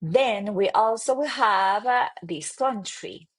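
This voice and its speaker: With a mid-range voice and lively intonation, an Argentine Spanish teacher leads an online class, saying words slowly and clearly again and again so learners can follow. Her accent is Argentine.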